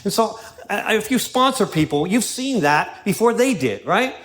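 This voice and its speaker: A man's voice: high-pitched, big pitch swings, normal speed, fairly bright tone, a little hiss or hum. Chatty man telling recovery stories. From Pittsburgh. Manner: conversational, keeps asking "right?" and "you know?". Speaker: AA speaker. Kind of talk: recovery talk with stories and readings. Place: meeting room.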